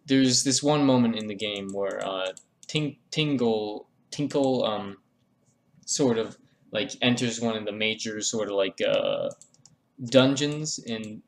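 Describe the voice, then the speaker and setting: A man talking through a drawing tutorial in a meandering, joking voice-over full of fillers and restarts. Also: mid-range voice. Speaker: art tutorial creator. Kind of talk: rambling comedic voice-over.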